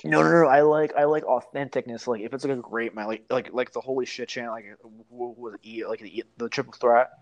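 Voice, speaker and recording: A man's voice: mid-range voice, fairly even intonation, a little fast, few pauses, muffled recording. A man co-hosting a podcast in casual chat, rambling with many fillers and restarts and swearing casually. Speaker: podcast co-host.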